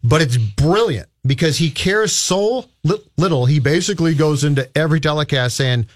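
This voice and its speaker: A man's voice: on the high side, normal speed, few pauses, no room sound. A man on a casual talk radio show, enthusiastic and emphatic.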